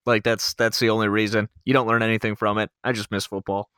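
A man's voice: on the low side, little pitch movement, quick pace, a bit bright, clean tone, dry recording. A man co-hosting a casual sports podcast and giving earnest, emphatic opinions. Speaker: podcast co-host.

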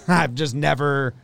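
A man co-hosting a casual sports podcast, telling stories quickly and loosely, with lots of "like". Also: on the high side, creaky, fairly bright tone, no echo. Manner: quick, loose storytelling with many likes. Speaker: podcast co-host.

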